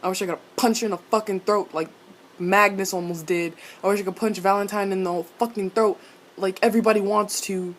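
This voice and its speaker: This is a young woman at a mid-pitched, ordinary level, ranting playfully about a TV episode. She curses freely and slips into mock voices for the characters. A faint hum of room noise sits underneath. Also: a little fast. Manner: animated, sweary, dramatic, quotes characters in mock voices. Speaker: TV recap vlogger. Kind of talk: casual episode reaction.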